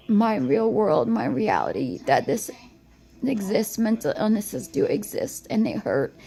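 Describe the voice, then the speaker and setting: A woman crying as she records a halting, rambling confessional monologue on her phone. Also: medium pitch, sing-song, vocal fry, dark tone, poor audio. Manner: halting, rambling, repeats herself. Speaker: vlogger.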